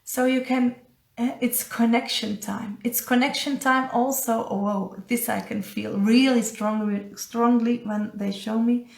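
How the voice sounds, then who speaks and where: A woman with a Dutch accent, a spiritual coach giving a casual live card reading, halting and searching for English words. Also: fairly high pitch, steady tone, creaky. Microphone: phone or webcam on a live stream. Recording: echoey room.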